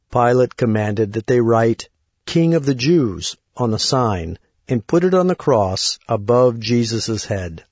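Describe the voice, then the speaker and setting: A man reading a Bible story aloud in a measured, plain way. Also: medium pitch, darkish tone, breathy edge, no echo. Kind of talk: scripted Bible story narration. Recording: dull lo-fi recording.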